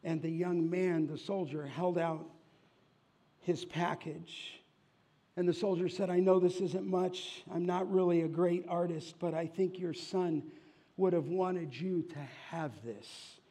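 A man preaching a sermon, telling a story slowly and rising in volume for its dramatic moments. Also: fairly even intonation. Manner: tells a story slowly, rising loud and high for shouted voices. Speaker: pastor.

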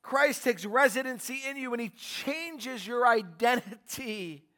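A man preaching a sermon as pastor, emphatic and calling out to his congregation for answers, moving between quiet asides and shouted lines. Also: very high voice, measured pace. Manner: emphatic, calls out to the congregation for responses.

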